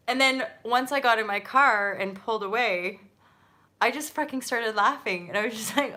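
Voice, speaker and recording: A woman hosting her own channel, telling a personal story in a loose, animated monologue. She swears freely and drifts into chatty asides. Her voice is higher than most and very bright. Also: normal speed. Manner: chatty, with many fillers and asides. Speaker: channel host.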